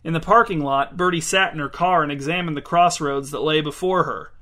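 A man reading a story aloud in an even, measured way. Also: on the high side. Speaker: narrator.

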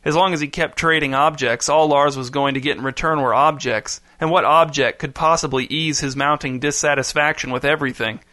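A man reading a story aloud in steady, even scripted narration. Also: fairly high pitch, brisk, few pauses, no echo.

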